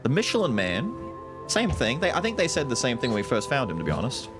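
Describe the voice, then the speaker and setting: A man's voice: mid-range voice, fast. A young man streaming a video game, chatting casually with jokes and rambling asides. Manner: animated, joking, rambling. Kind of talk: casual live gameplay commentary. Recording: game music in background.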